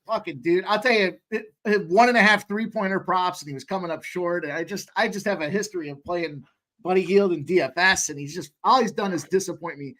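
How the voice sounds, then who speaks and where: A man co-hosting a live betting stream, telling quick, profane stories in casual chat. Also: high-pitched, pushed and bright.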